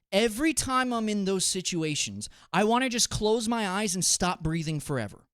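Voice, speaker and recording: A young man streaming, ranting casually and profanely to his chat, swinging from low muttering to loud exasperated outbursts. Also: no room sound, clean studio sound.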